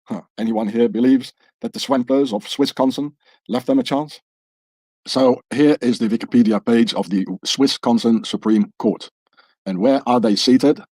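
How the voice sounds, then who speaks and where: A man's voice: medium pitch, normal speed, a little mellow, slightly rough, no echo. A man presenting a podcast talk, rambling through a conspiracy theory and tagging his points with a questioning "eh?". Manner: tags statements with questioning "eh?". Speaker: podcast presenter showing pages on screen.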